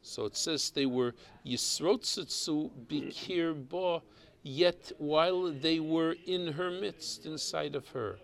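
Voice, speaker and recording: A man teaches a Torah class, working slowly through each verse and explaining the Hebrew text in a mix of Hebrew and English terms. His voice is a little high, with a gravelly, creaky texture, and he often pauses to repeat a word as he thinks.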